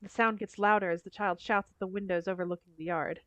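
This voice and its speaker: A woman's voice: mid-range voice, fairly even intonation, quick pace, a bit bright, muffled recording, slight background noise. A woman streamer reading game dialogue aloud in a dry, wry way.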